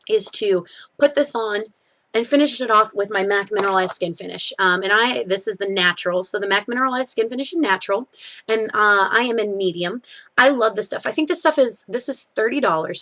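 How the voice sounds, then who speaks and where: A young woman with a light drawl talks through her favorite makeup in an easygoing, gushing way. Her pitch sits in an ordinary middle range, and she piles on fillers and cheerful corrections as she goes. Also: fairly bright tone. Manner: chatty and gushing, with many fillers and self-corrections. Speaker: beauty vlogger. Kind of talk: casual product review.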